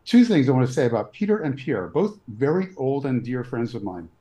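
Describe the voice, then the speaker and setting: A man in his sixties from New York, a physician guest giving measured, blunt opinions in an interview. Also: mid-range voice, sing-song, warm tone, rough recording. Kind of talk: interview answers.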